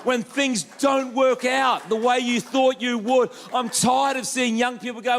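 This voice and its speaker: A man preaching a lively sermon as pastor, acting out quoted voices with jokey asides. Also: very high voice, a little slow, creaky, few pauses. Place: church hall.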